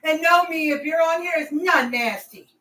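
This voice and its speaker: A woman's voice: high-pitched, moderate pace, sharp tone. A woman hosting a cooking vlog, rambling chattily and talking straight to her viewers from her home kitchen. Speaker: cooking channel host.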